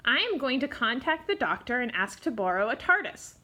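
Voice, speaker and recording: A woman's voice: a little high, big pitch swings, fairly quick, bright, forceful tone. A woman voicing a bossy, clever female cat in a storybook, matter-of-fact and lecturing. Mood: self-assured.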